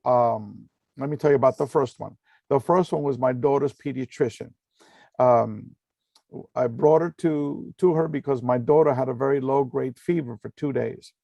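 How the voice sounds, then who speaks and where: A man's voice: mid-range voice, vocal fry, dark tone, dry recording. A middle-aged man earnestly telling a personal story in a talk, with many fillers and repeated phrases. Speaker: speaker giving a talk.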